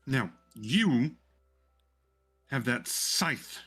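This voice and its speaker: A man's voice: mid-range voice, lively intonation, extremely slow, slightly rough, faint music behind, heavily acted. A man putting on an angry old granny. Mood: agitated. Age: over 60. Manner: scolding, imperious, sharp. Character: angry old grandmother fate weaver, scolding.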